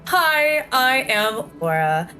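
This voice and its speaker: A woman's voice: sits high, sing-song, takes it slowly, pushed and bright, soft background music. A woman casually introducing her tabletop character, chatty and self-deprecating. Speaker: player.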